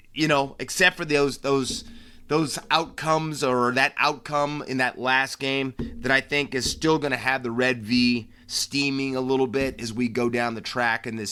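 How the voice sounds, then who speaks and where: A man's voice: medium pitch, pushed and bright. An American man hosting a solo sports podcast, talking casually with brash flair and frequent restarts. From United States. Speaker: podcast host.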